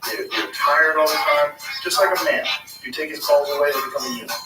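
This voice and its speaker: A man's voice: fairly high pitch, flat delivery, a little fast. A man in casual chat, talking bluntly and emphatically and swearing freely. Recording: roomy distant mic with loud music.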